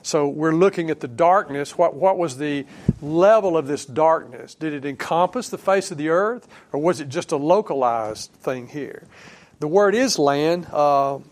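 A man's voice: a little high, a little slow. Man preaching a conversational sermon. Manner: conversational, thinking aloud with fillers and restarts; quotes scripture in a softer, dropping voice.

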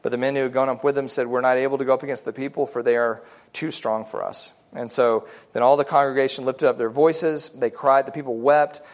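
A man's voice: medium pitch, fairly even intonation, fairly quick. A man leading a casual Bible study, explaining in a conversational way with frequent fillers and restarts, and reading scripture passages aloud.

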